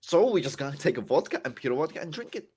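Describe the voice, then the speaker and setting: A man's voice: fast, breathy edge. A young man from the Czech Republic with a Czech accent, chatting casually as a podcast guest and laughing often. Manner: animated, laughs often, swings between excited and low. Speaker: guest wrestler.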